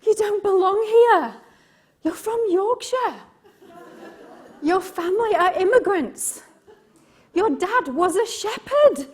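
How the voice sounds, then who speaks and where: A woman with an English accent voicing her own harsh female inner critic, berating and accusing in rapid-fire jabs. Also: very high-pitched, expressive, a little mellow, pitched above the performer's own voice, full character voice. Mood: scornful.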